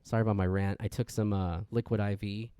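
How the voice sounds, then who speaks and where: A man hosting a podcast, rambling through a casual intro rant and jumping into sudden excitement. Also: on the low side, brisk, clean tone, no echo, studio quality. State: wired on energy drink. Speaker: podcast host.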